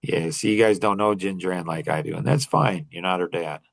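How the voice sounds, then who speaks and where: A man's voice: low-pitched, a little fast, creaky, no echo, rough recording. A middle-aged man hosting a talk, telling a story to a group and driving his points home by repeating them. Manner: emphatic, repeats key phrases. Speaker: host.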